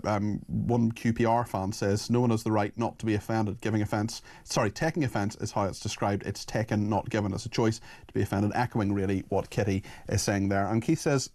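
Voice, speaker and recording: Northern irish guy hosting talk radio, bit low voice, earnest, reads out texts. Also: darkish tone. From Northern Ireland. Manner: earnest, apologetic, reads listener messages aloud. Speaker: radio talk show host.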